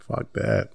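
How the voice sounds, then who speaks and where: A man hosting a casual podcast, telling rambling stories full of swearing and dropping Spanish words into his English. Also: mellow. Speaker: podcast host. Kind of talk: casual chat.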